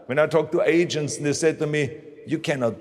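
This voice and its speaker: A man's voice: fairly high pitch, fairly even intonation, fairly quick, slight background noise. A man with a German accent giving a motivational speech in emphatic, punchy short phrases. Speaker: motivational speaker. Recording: long hall reverb.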